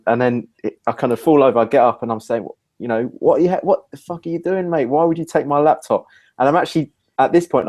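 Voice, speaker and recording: A man, hosting a talk show and telling a lively personal story in casual conversation. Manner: animated storyteller, rising pitch when acting out his own quoted lines. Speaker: podcast host.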